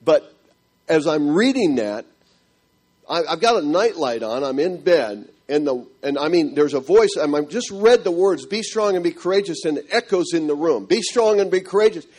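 A middle-aged man telling a church audience his marriage story in an animated, storytelling way. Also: a little high, moderate pace, slightly rough. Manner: animated storytelling, acting out quotes. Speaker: speaker giving a marriage testimony.

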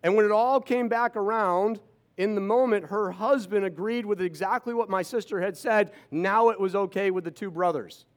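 Speaking at normal speed in a high-pitched voice, a fifties-aged man shares personal stories with an audience, punctuated by sarcastic asides.

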